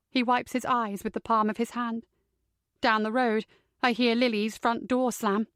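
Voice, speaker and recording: A woman reading a first-person psychological thriller audiobook in a measured, steady way, close to the mic. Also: a little high, dry recording. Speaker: audiobook narrator.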